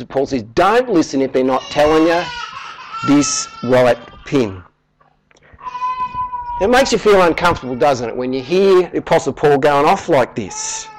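A middle-aged man, a pastor preaching a sermon in an emphatic, animated way. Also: on the high side, poor audio.

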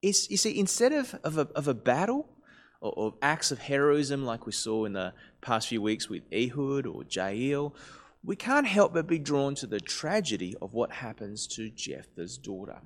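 Brief: male pastor, sermon, conversational, swooping very expressive pitch. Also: normal speed. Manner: lively, conversational preaching.

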